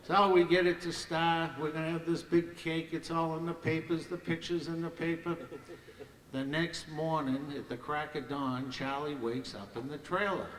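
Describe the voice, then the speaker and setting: A man's voice: a little high, moderate pace, slight background noise. Older man spinning stories in a hall. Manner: lively, acts out the voices of others. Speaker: hall of fame ceremony speaker. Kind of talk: anecdotal after-dinner storytelling. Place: banquet hall stage. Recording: echoey hall from far off.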